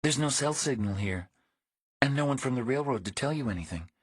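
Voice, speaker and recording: A man's voice: medium pitch, lively intonation, brisk, husky, dry recording, pitched above the performer's own voice. A male audiobook narrator voicing a wary woman of about forty who answers tersely and evasively. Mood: guarded.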